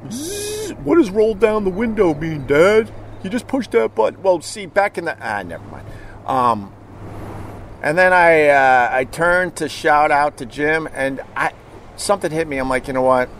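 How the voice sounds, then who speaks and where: A man's voice: mid-range voice, noisy background. A middle-aged man hosting a show, telling a rambling story in a casual, profane way and chuckling as he goes. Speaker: podcast host.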